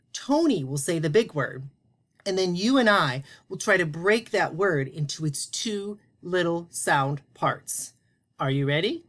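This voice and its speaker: A man teaching a phonics lesson to young children, prompting them slowly and deliberately. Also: a little high, fairly bright tone.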